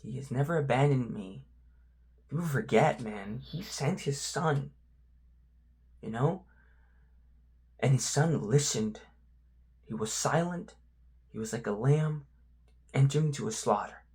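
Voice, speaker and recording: Man venting softly about faith. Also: mid-range voice. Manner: reflective, halting, lots of "you know" fillers. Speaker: vlogger. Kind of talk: candid faith vlog.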